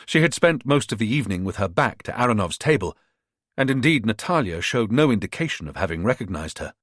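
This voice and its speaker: Lively low-voiced male audiobook narrator. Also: fairly quick, no echo, studio quality.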